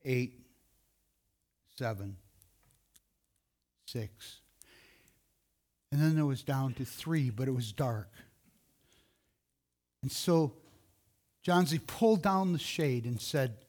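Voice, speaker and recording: A man's voice: medium pitch, measured pace, pauses often, darkish tone. A man telling a story outdoors, loose and rambling, correcting himself as he goes. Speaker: speaker telling a closing story. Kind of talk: informal storytelling.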